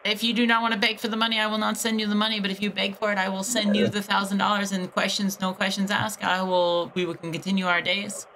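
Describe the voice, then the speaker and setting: A woman streamer mockingly taunting a scammer on a call, shifting between high teasing and low menacing tones. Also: little pitch movement, quick pace, few pauses, sharp tone, a little hiss or hum. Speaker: scam baiter streamer.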